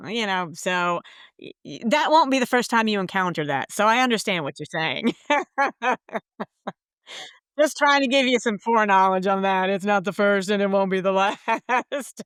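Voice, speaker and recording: Smooth-voiced, effusive woman podcast host. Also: mid-range voice, animated, a little slow, long pauses, fairly bright tone, no echo, clean studio sound. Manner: effusive and encouraging. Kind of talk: conversational interview.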